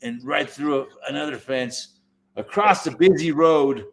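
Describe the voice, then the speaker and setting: A man in casual chat, telling a rambling story, swearing heavily and talking with animated energy. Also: fairly high pitch, unhurried, a little hiss or hum. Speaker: podcast host.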